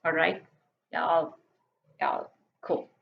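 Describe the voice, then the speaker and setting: A woman's voice: sits low, sing-song, drawn-out words, creaky, highs cut off. A woman with a Sri Lankan English accent telling stories in a casual vlog, chatty and playful. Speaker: vlogger.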